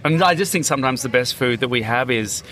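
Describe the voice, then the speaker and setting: A man's voice: medium pitch, lively intonation, quick pace, bright, forceful tone. A man, a comedian and podcast guest, telling vivid, theatrical food stories in casual chat.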